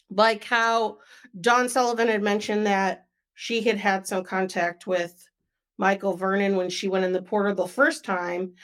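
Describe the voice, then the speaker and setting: A young woman co-hosting a sports podcast, chatting casually and filling pauses with "um" and "like". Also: medium pitch. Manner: chatty, frequent "um" and "like" fillers.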